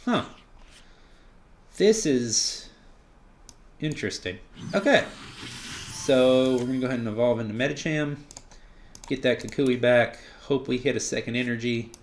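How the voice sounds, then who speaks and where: Male gameplay commentator, mid-range voice, relaxed and chatty, thinks out loud. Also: mid-range voice, a little slow, pauses often, slight background noise. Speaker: card game player commenting on his own match.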